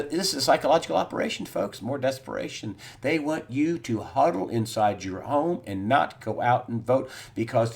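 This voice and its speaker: A middle-aged man hosting an election commentary monologue, emphatic and repetitive, with many "uh" fillers and swings from loud outbursts to near-quiet asides. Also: fairly high pitch. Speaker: host.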